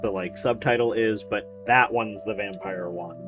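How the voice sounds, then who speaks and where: A man's voice: lowish voice, fairly even intonation, moderate pace, music in the background. A man streaming a video game, rambling and joking with casual commentary, swearing and laughing often. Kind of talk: casual let's-play commentary.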